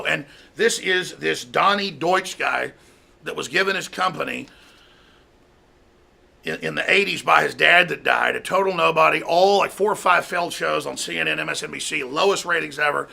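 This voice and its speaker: A man's voice: a little high, a little fast, gravelly, pushed and bright, husky. A man hosting a talk show, delivering an angry political rant and mocking opponents. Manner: ranting, mocking, mimics opponents in a raised voice.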